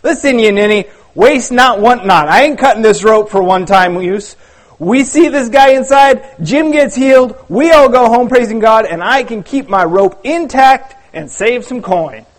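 A stingy, bossy man who grumbles and fires back at his friends, as a man acts him out in a storybook reading. His voice sits high and gets excitable. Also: moderate pace. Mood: grumbling. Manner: complaining and excitable. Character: thrifty grumbling man, quick-tongued and bossy.

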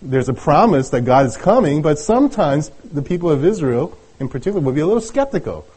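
A middle-aged man preaching a sermon in a conversational, halting way, often restarting his sentences. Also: on the high side, very animated, dark tone, breathy edge. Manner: conversational, halting with many restarts and light laughs. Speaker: pastor.

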